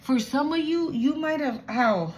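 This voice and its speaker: A woman giving a channeled spiritual reading to viewers, emotional and animated, swearing casually. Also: high voice, unhurried, a little hiss or hum, rough recording. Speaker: spiritual reader.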